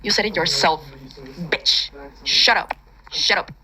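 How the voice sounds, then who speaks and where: A woman's voice: mid-range voice, measured pace, bright, forceful tone. A woman chatting casually, teasing and scolding in a bossy way. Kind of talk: casual chat.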